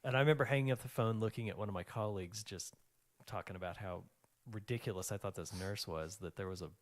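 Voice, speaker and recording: A man in his forties, a guest in a casual interview, telling rambling, animated stories with lots of fillers. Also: on the low side, fast. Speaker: guest, financial planner.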